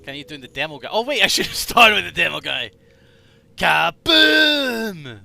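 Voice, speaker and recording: A young man streaming a game, chatting casually with his audience in a joking, animated way and swearing freely. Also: a little high, fast, vocal fry, no room sound. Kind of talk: casual live-stream chat reading.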